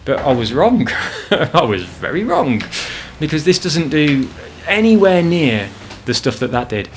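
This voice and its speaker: A man's voice: fairly high pitch, sing-song, unhurried, slight background noise. Rambling man with frequent swearing. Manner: rambling, swears freely, frustrated. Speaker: gaming channel host. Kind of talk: casual chat over gameplay. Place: home apartment.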